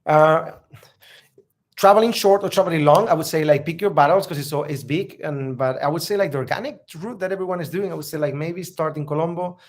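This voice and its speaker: A man's voice: a little high, brisk. Man, travel vlogger, casual live Q&A, rambling, filler-heavy, upbeat and friendly. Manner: friendly, upbeat, laughs easily.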